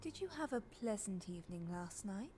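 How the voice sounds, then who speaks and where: A woman's voice: medium pitch, sing-song, moderate pace, background noise, lightly acted. An actress playing a probing woman detective questioning suspects in a video game.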